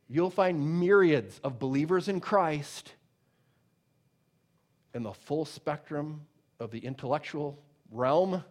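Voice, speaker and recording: A man with a somewhat high voice preaches with emphatic force. He drops into casual asides full of fillers, then builds back up to loud declarations. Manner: emphatic preaching, rising and dropping in volume; conversational asides with many fillers. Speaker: pastor. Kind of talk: sermon.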